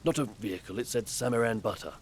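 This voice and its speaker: A man's voice: on the low side, fast, slight background noise, lightly acted. A man voicing a stuffy cryptozoologist. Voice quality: stuffy, polite. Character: patient, stuffy male cryptozoologist hunting insects. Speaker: game character.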